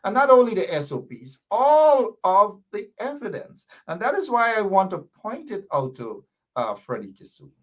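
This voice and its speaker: A fiery Guyanese man delivers a political commentary monologue in a high voice that swoops up and down. He speaks indignantly as host and repeats his points with pointed rhetorical questions. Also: very animated, measured pace, a bit bright.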